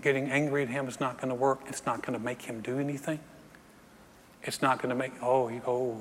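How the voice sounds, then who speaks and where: Animated pastor in a hall. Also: male voice, mid-range voice, a little fast, slight background noise. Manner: animated, acts out scenes, jokes with congregation. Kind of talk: sermon. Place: church sanctuary. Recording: reverberant hall with faint ambience.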